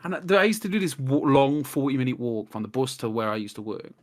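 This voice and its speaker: A man's voice: medium pitch, fast talker. A man talking as a guest on a casual podcast, telling long rambling stories and acting out what people said. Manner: rambling, animated storyteller who acts out quotes.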